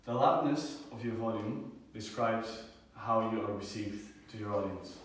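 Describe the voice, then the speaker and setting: A young man giving a student class presentation, halting often with fillers and restarts. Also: fairly low pitch, a little hiss or hum. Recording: echoey room, far from the mic.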